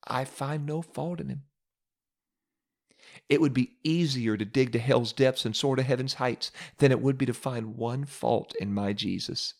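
A man's voice: medium pitch, normal speed, gravelly, hardly any pauses. A male pastor preaching a sermon, telling a story with rhetorical questions and building repetition.

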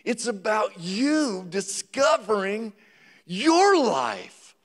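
High-voiced preacher in a hall. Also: male voice, very animated, extremely slow. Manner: call-and-response preaching, prodding the congregation. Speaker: pastor. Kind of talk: sermon. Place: church sanctuary. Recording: long reverb of a large hall.

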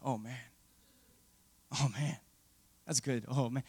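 A man preaching a sermon, calling out to the congregation for responses and swinging between loud exclamations and hushed asides. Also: medium pitch, a little slow, long pauses. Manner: animated, asks the congregation for responses.

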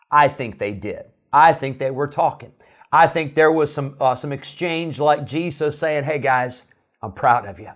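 A man preaching an earnest, conversational devotional sermon with emphatic asides. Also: fairly high pitch.

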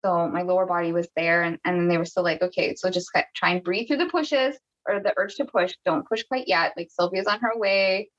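A woman's voice: lowish voice, a little fast, few pauses, highs cut off. A woman from Canada, a podcast guest telling a personal story in a casual, chatty way, with many restarts and quoted dialogue.

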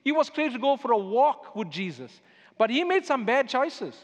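Pastor guy preaching, high-ish voice, church echo, music playing behind. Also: sing-song, moderate pace. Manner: emphatic preaching, storytelling asides. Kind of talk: sermon. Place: church sanctuary. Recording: echoey church hall with music underneath.

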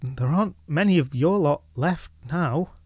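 A man voicing a bewildered old shepherd who speaks in a thick, halting way. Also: a little high, animated, darkish tone, dry recording. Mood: wary. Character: bewildered old male shepherd, humble, unsettled.

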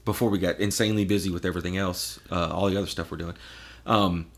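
A man's voice: deep voice, fairly even intonation, fast talker. A man guesting on a podcast, telling stories in casual chat and acting out the voices of the people in them. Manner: storytelling, acts out voices, laughs often.

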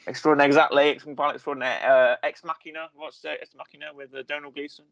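A man's voice: a little high, fairly even intonation, quick pace, vocal fry, fairly bright tone, dull audio. A man hosting a casual review chat, rambling and searching for words with a joking tone. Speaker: podcast host.

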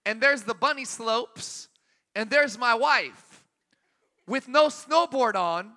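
Male preacher, 30s, high bright voice, easygoing anecdotal sermon, reverberant hall. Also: takes it slowly. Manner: relaxed anecdotal, laughing at his own story.

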